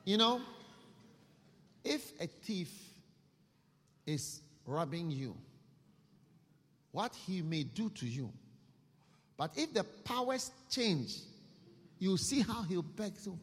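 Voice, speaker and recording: Husky, animated male preacher in a hall. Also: high-pitched, slow, long pauses. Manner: animated storytelling, acting out characters. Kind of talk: sermon. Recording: long reverb of a hall.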